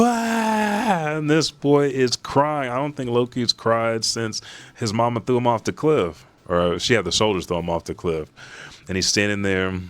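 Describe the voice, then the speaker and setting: A man hosting a manga reaction, retelling a chapter in a profane, animated way. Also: on the low side, no echo. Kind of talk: casual chapter recap.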